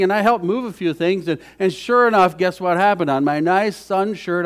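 A middle-aged man preaching a conversational sermon as pastor, folksy and chatty, with frequent restarts. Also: a little high.

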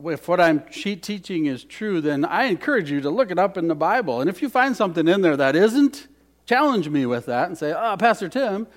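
A man's voice: fairly high pitch, big pitch swings, brisk. A man preaching a sermon as pastor, earnest and repeating key phrases, leading the congregation in spoken responses.

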